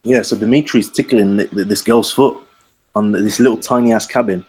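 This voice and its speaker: This podcast guest speaks fairly quickly in a low, steady voice that is darkish and slightly rough, and the recording itself is rough. Telling a casual anecdote, he rambles in slang and does the voices of the characters in his tale.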